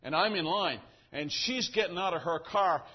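A male pastor preaching, telling a story with animated acting and gestures. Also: high-pitched, moderate pace. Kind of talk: sermon with a story. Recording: dull lo-fi recording.

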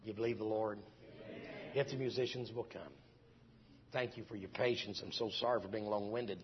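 A man's voice: on the low side, fairly even intonation, normal speed, highs cut off, slight background noise. A middle-aged man, preaching a testimony in a folksy storytelling way full of restarts. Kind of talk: sermon testimony.

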